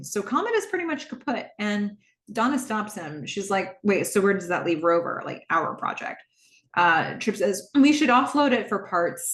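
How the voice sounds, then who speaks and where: A woman hosting a podcast recaps a TV episode in a laid-back way, her medium-pitched voice sounding reverberant. She keeps laughing and plays out the characters' lines in varied voices as she retells the scenes, lively and amused throughout.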